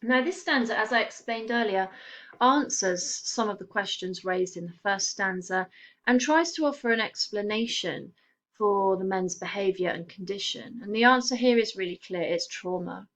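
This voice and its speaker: Measured woman teaching a poem. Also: mid-range voice, a bit bright. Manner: measured, explanatory, emphatic on key words. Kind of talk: poetry lesson, explaining text.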